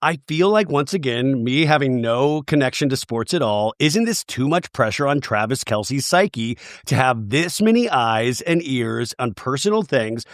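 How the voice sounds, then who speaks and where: A man hosting a casual pop culture podcast, his voice froggy from a head cold, animated and laughing often. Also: mid-range voice, no room sound, studio quality. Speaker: podcast host.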